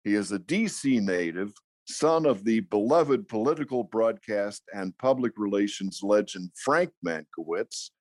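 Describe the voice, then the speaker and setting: Older male podcast host, low voice. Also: expressive, unhurried, dry recording. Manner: warm anecdotal introductions, chuckles often. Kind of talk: casual interview chat.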